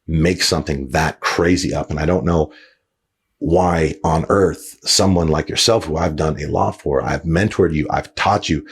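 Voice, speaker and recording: A man's voice: very deep voice, steady tone, moderate pace, slight background noise. A man hosting a podcast, telling a story casually with lots of fillers, restarts and swearing. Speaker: podcast host.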